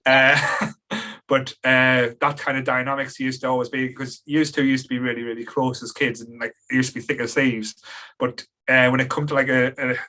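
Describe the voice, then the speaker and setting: A man's voice: medium pitch, little pitch movement, a little fast, pushed and bright. A man hosting a podcast in casual chat, rambling with fillers and restarts and laughing easily. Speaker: podcast host.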